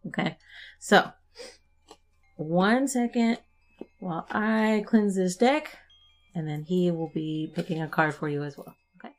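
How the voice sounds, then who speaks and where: A young adult woman hosting a casual podcast and doing a tarot reading, chatty and quick to laugh. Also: on the low side, faint music behind. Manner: chatty, laughs often, relaxed and warm-hearted. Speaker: podcast host and tarot reader.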